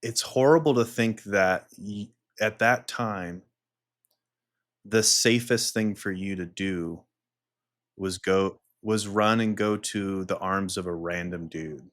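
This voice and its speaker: Low-voiced sympathetic man co-hosting. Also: slow, fairly bright tone. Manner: sympathetic, wry interjections. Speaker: podcast co-host. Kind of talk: casual chat.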